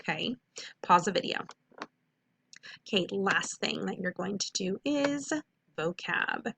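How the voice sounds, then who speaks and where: A woman teaches phonics in a recorded lesson, slowly and clearly walking through each step and pausing to ask "okay?" after every point. Her mid-range voice is animated, and there is noise in the background.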